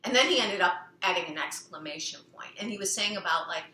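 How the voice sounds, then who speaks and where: A woman's voice: lowish voice, lively intonation, fast talker, bright, forceful tone. A woman speaking casually about healing, rambling with many "you know" fillers and now and then singing a phrase in a playful way. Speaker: self-help speaker. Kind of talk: casual personal talk on healing. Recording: echoey room.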